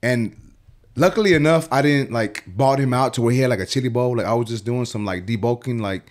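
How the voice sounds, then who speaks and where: A man's voice: medium pitch, brisk, a little mellow. A man who works as a barber, a guest on a podcast, telling stories in a loose, profane way with lots of "like". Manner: loose and profane, full of "like" fillers. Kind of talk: casual storytelling chat. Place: podcast studio.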